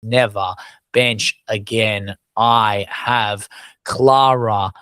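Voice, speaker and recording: A man co-hosting a casual sports podcast, animated and swearing for emphasis. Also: lowish voice, extremely slow, clean tone, no echo. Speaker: podcast co-host.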